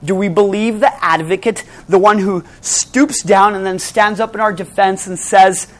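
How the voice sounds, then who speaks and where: A preacher in full sermon mode, shifting from brisk retelling to hushed, slowed emphasis on key phrases. The delivery leans on rhetorical questions put to the listeners. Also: medium pitch, steady tone. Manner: asks the audience rhetorical questions.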